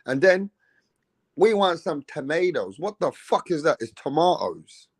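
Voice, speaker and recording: A man's voice: high voice, unhurried, breathy edge, dry recording. A British man hosting a casual chat, swearing freely and talking with animation. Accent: British English. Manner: swears freely, animated, mimics other accents. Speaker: host.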